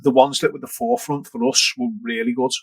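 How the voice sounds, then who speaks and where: A man chats on a podcast as a DJ guest, telling long, sweary stories full of restarts in a fairly high voice. His mic sounds distant and doubled, as if two channels were left on. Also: big pitch swings, quick pace, creaky. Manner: sweary, rambling storyteller with restarts. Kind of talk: casual podcast chat.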